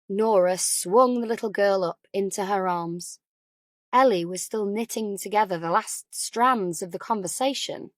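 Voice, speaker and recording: Calm woman reading an audiobook. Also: mid-range voice, a little slow, no room sound, clean studio sound. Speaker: audiobook narrator. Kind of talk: quiet scripted audiobook narration.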